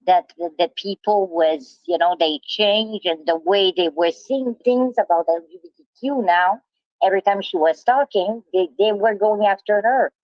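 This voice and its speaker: A woman in a heated monologue, talking in halting bursts with restarts and insults. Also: medium pitch, no echo, dull audio. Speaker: livestreamer.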